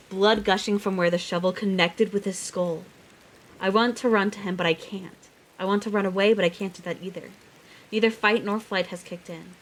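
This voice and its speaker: A woman streamer reading a novel aloud on a live stream, reading quietly and then breaking off into loud, swearing outbursts. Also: fairly low pitch.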